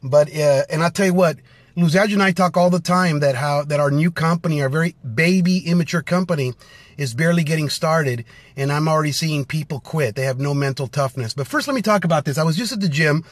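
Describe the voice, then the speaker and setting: A man's voice: on the high side, brisk, no room sound. Breathless, fired-up middle-aged man. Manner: energetic, fired-up, blunt, with many fillers. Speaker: motivational business speaker. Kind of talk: casual live-stream talk. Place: in his car after the gym.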